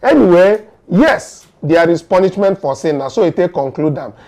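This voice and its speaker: A Nigerian man recapping the news as a commentator, animated and acting out exchanges, with hesitant fillers between points. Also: high-pitched, normal speed. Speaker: political commentator.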